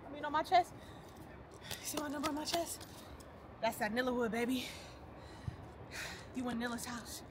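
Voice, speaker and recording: A woman's voice: high-pitched, normal speed, pauses often, background noise. A woman vlogging a stadium tour, chatting casually, laughing and doing playful trash talk. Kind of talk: casual playful vlog chat. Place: in a large open stadium. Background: music playing.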